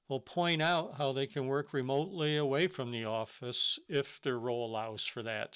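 A man's voice: medium pitch, bright, forceful tone, clear, resonant tone. A man presenting a business webinar, giving earnest step-by-step advice on hiring with some fillers and restarts. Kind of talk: instructional webinar talk.

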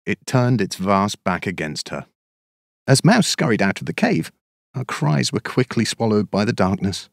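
A man narrating a children's storybook in an expressive, measured, sing-song way. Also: fairly low pitch, creaky, no echo, studio quality.

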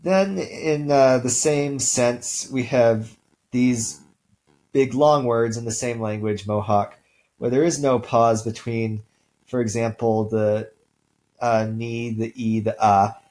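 Man giving a relaxed recorded lecture. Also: medium pitch, takes it slowly, low-quality recording. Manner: relaxed, many ums and uhs, clears throat. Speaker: linguistics instructor.

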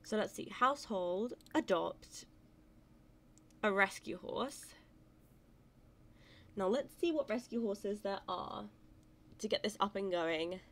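A woman giving casual let's-play commentary, excitable and gushing, cooing over cute animals. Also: medium pitch, slow, pauses often. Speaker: gaming channel host.

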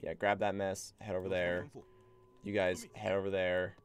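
A man's voice: low voice, level tone, normal speed. A man streaming a strategy game, rambling casually and bossing his units around with the odd swear. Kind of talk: casual gameplay commentary.

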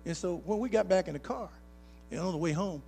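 High-voiced pastor preaching with swing. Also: male voice, a little fast, vocal fry, dark tone, faint music behind. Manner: preacher's call-and-response, folksy, rising to emphatic. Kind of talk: sermon with personal stories. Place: church sanctuary.

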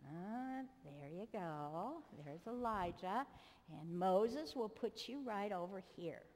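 Animated woman pastor in an echoey church. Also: medium pitch, takes it slowly. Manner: coaxing, directs children like a teacher with cheerful prompts. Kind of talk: children's sermon with a Bible story acted out. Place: church sanctuary. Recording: long echo of a large church.

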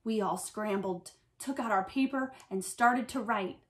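A woman's voice: medium pitch, unhurried, fairly bright tone. A woman teacher reading a picture book aloud to children, telling the story expressively.

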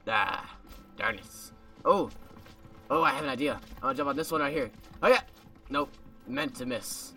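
Male gamer, very bright tone, joking let's-play banter in a put-on accent, a bit off-mic, faint music. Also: medium pitch, far from the mic. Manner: playful, joking, talks to viewers; puts on a made-up accent. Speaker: gaming video creator. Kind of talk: casual let's-play commentary. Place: home room.

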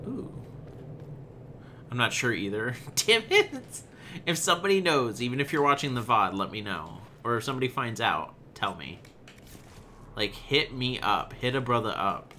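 A man's voice: medium pitch, animated, moderate pace, bright, forceful tone, a little hiss or hum. A young adult man streaming a game live, chatting casually, swearing freely and reading in-game notes aloud.

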